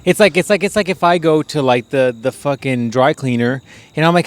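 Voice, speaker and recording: A man's voice: a little high, fast talker. A man hosting a podcast in casual chat, telling rambling, profane stories and laughing. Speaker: podcast host.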